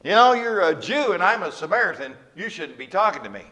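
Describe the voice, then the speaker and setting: Male preacher doing a high, indignant woman at a well, scolding and blunt, in a sermon retelling. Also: sing-song, brisk, sharp tone, long reverb tail, heavily acted.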